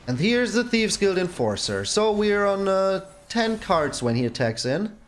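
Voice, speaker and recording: A man's voice: high voice, sing-song, a little slow, faint music behind. A man hosting his own gaming channel, giving casual gameplay commentary and exclaiming in exasperation at his bad luck.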